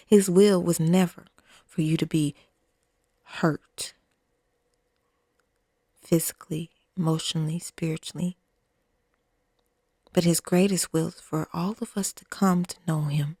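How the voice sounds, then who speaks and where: A woman podcast host leading a fervent spoken prayer, pleading and repeating herself, often dropping to a hushed, near-whispered delivery. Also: fairly low pitch, vocal fry, breathy edge, dry recording, studio quality.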